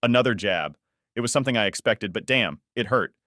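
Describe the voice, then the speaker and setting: A man narrating a personal story in the first person with a steady, even reading. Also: fairly low pitch, a little fast, no room sound, studio quality.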